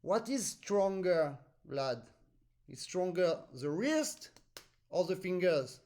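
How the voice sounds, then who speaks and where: A man's voice: high-pitched, big pitch swings, slow, a little mellow. A man with a French accent teaching accordion over a video call, patiently explaining with vivid comparisons and singing out rhythms. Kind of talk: online master class.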